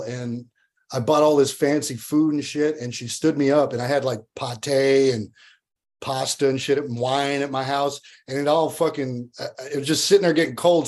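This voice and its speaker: A man in the guest seat talks in a relaxed podcast chat at a middling pitch. He tells his stories with animation and swears freely. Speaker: guest actor.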